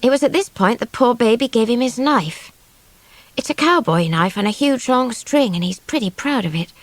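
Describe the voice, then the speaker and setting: Woman reading a kids story aloud, lively sing-song voice, dry close mic. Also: a little high, moderate pace, dry recording. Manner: chatty, girlish first-person telling. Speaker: audiobook reader. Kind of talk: storybook narration.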